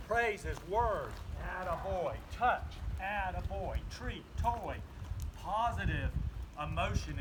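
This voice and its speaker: A man with a Southern US accent, a dog trainer calmly explaining his methods between short commands to a puppy, recorded outdoors. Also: high-pitched, background noise. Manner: calm, explains while giving short commands.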